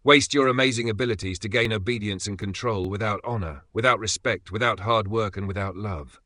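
A man voicing a weary, sardonic older knight who speaks in a dry, measured way. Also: fairly low pitch, bright, forceful tone, dry recording. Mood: steady lecturing. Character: weary, sardonic veteran male knight, unflappable.

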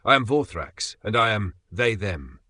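A man doing Vorthrax, a vain booming dragon. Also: big pitch swings, measured pace, sharp tone, husky, no room sound, exaggerated voice. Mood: grandiose. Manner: grandiose, booming declarations. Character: vain boastful male dragon, huge, demanding praise.

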